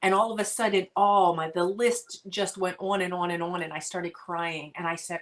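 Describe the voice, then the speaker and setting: A middle-aged woman speaks as an interview guest, telling her own story with earnest feeling. She talks haltingly, circling back and restarting as she searches for the words. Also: fairly low pitch, steady tone, a bit bright. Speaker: guest author. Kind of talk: heartfelt personal storytelling.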